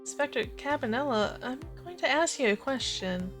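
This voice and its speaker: A woman's voice: sits high, expressive, normal speed, fairly bright tone, soft background music. A woman voicing an earnest young woman detective who speaks directly and seriously. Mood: firm.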